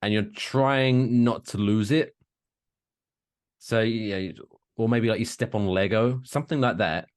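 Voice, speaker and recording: Thirtysomething podcast guy, kinda low voice, rambles and jokes around a lot. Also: measured pace, smooth. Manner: rambling, animated, crude joking. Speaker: podcast co-host. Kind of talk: casual podcast chat.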